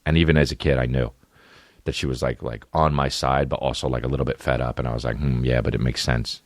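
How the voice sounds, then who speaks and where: A man's voice: extremely low pitch, fairly even intonation, quick pace, no room sound. A man in his late thirties from New Jersey, telling comedic stories as a podcast host in a profane, rambling way. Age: 30s. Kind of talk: comedic storytelling.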